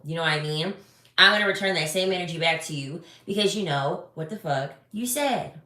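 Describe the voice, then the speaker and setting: A woman's voice: lowish voice, brisk. Sassy, blunt woman in an echoey room. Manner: blunt, animated, sassy, swears freely. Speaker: relationship advice creator. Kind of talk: casual commentary to camera.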